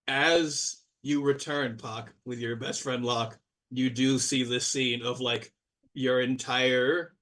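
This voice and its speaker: A man runs a tabletop game, narrating in a loose, rambling way full of fillers and restarts. His voice sits at an ordinary middle pitch. He sounds slightly distant from the microphone. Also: a bit bright. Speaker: game master.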